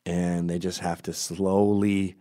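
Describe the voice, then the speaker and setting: A man's voice: low-pitched, level tone, slow, warm tone. A man rambling through a crude, digressive comic monologue, often breaking off to correct himself. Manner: crude, digressive, self-interrupting.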